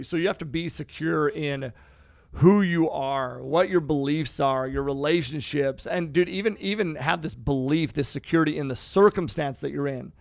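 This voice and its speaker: Gravelly, emphatic male podcast host. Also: on the high side, no room sound, clean studio sound. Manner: emphatic, casual, swears freely. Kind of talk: casual motivational chat.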